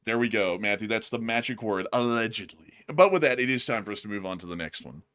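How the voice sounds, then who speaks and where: A man's voice: fairly low pitch, lively intonation, quick pace. A man hosting a live stream, chatting casually and joking as he reads out and answers viewer messages. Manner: joking, rambling, swings between loud and quiet. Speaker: host.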